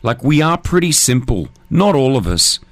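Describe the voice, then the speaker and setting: A man's voice: medium pitch, very animated, normal speed, no room sound. Chatty radio host man. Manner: chatty, rambling, lots of "like". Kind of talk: casual talk radio with callers.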